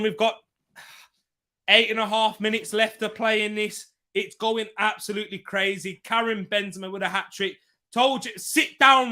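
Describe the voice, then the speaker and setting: Excitable man doing live football commentary. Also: sits high. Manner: excitable, reacts loudly and reads out viewer comments. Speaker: football watchalong host. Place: room at home.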